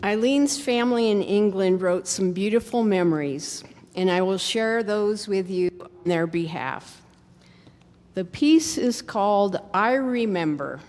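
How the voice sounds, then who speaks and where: A woman reading written tributes aloud at a memorial service in a slow, measured way. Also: mid-range voice, lively intonation, darkish tone. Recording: reverberant hall.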